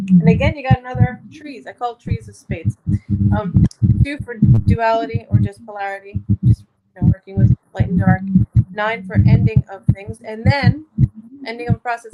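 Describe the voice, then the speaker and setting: A woman's voice: medium pitch, highs cut off. A woman doing a casual card reading, talking in a chatty, encouraging way and laughing often. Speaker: card reader. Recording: loud background noise.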